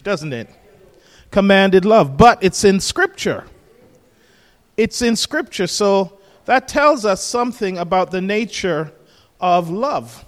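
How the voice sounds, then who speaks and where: A man preaching a sermon, emphatic, repeating key phrases and asking rhetorical questions. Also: high voice. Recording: long hall reverb.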